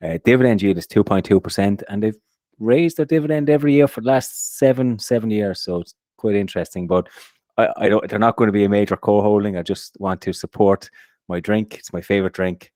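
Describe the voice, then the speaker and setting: Male podcast co-host, very low voice, upbeat, stumbling restarts, dry close recording. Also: a little fast, warm tone, no echo. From Ireland. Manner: upbeat, repeats words when starting sentences. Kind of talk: casual chat.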